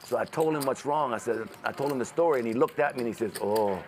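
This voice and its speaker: A man's voice: mid-range voice, very fast. A man at a casino poker table telling a long story, acting out other people's voices and swearing freely. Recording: noisy casino crowd around the table.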